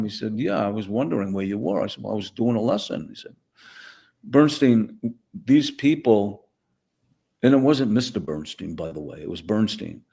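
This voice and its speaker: A man's voice: fairly low pitch, gravelly, dark tone. Older New man telling a story. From the Bronx, New York. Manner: vivid storyteller acting out dialogue. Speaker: guest, former teacher. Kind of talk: conversational storytelling.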